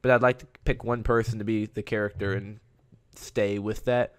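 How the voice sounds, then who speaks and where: Low, flat-voiced man hosting a podcast. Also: normal speed. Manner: rambling and conversational. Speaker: podcast host. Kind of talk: casual solo podcast monologue.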